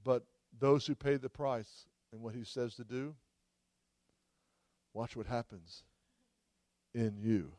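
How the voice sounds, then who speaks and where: A man's voice: mid-range voice, slow, pauses often, warm tone, no room sound. Fervent male preacher, dry sound. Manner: fervent, exclaims hallelujah often. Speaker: traveling preacher. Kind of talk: sermon. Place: church service.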